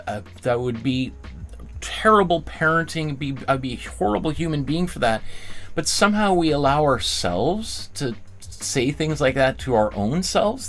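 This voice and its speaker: A male art teacher giving a live online drawing class. He talks in a casual, rambling, encouraging way and often restarts his phrases. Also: fairly bright tone. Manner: acts out quoted voices with big pitch jumps.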